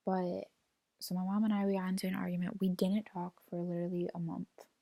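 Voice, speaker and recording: This young woman in her twenties, a vlogger, speaks fairly low and fairly quick with a flat delivery, vocal fry, and a dark tone, with no room sound. Rambling through a personal story full of "like" and retold quotes, she is close to crying and fighting it back.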